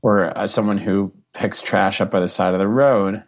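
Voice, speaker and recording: A man's voice: on the low side, fairly even intonation, moderate pace. A man, a comedian guest on a podcast, talking in an earnest, emotional way, full of restarts and fillers. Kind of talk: casual podcast chat.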